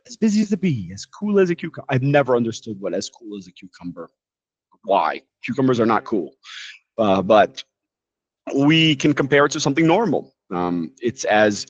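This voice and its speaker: A man teaching a casual English lesson, explaining with jokes and lively asides. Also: medium pitch, no echo. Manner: lively, joking, animated explanations.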